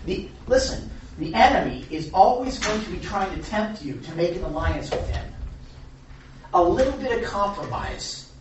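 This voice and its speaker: An animated preacher leading a casual Bible study, repeating points and dropping jokes. The voice swings widely in pitch. It is picked up from far off in a very echoey room with a faint hiss. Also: moderate pace. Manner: animated, repetitive, jokey asides. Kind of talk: informal sermon.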